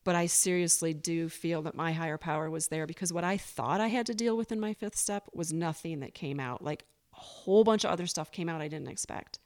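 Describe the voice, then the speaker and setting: A woman talks candidly as a podcast guest in a voice pitched a little low. She speaks earnestly and openly, now and then slipping into quick quoted asides from her own past. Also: darkish tone. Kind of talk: candid recovery interview.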